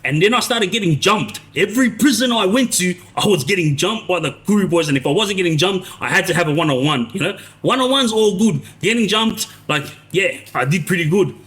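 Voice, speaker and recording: Man in his forties, live-stream storyteller, rambly, a touch high-pitched. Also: animated, fairly quick, hardly any pauses, fairly bright tone. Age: 40s. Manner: rambling, restarts, frequent tag "yeah?". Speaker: live streamer recounting prison life.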